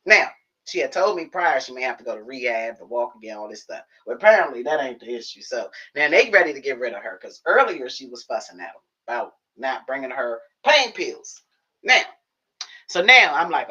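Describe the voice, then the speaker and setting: A woman livestreaming from her home office, telling a story to her viewers in a casual, animated way, acting out the conversations. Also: very deep voice, a little fast, breathy edge, lo-fi sound. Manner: animated, acts out conversations, talks to herself. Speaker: livestream host.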